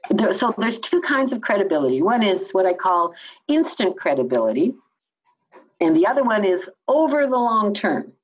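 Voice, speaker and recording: A woman's voice: mid-range voice, moderate pace. Enthusiastic Canadian woman explaining. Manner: enthusiastic, lively, teacherly. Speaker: communication trainer. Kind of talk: explaining in a conversational interview. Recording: slightly dull lo-fi sound.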